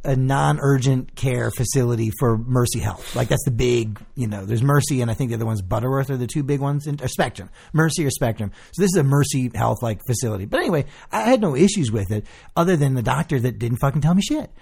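Fast-talking gravelly man telling a story. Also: medium pitch. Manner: animated, swearing, acts out quoted people. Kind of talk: casual storytelling chat.

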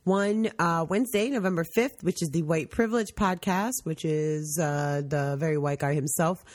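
A woman hosting a casual podcast, her voice slightly hoarse from a cold, husky and a little raspy, upbeat and chatty. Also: sits low, normal speed, dry recording, studio quality. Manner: upbeat, chatty, spells things out. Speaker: podcast host.

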